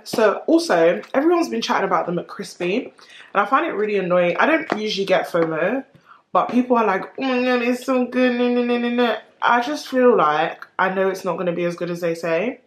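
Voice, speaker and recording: A woman's voice: mid-range voice, expressive, moderate pace. Chatty young woman vlogging. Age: 20s. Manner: chatty, candid, slangy. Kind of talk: casual vlog chat to camera. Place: at home. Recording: roomy echo, faint noise.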